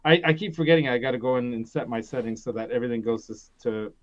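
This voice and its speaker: Male stream host, middle pitch, rambling chatty delivery, lo-fi dull audio. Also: fast talker. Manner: rambling, laughs often, many restarts. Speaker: host of a gear live stream. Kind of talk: casual live-stream chat.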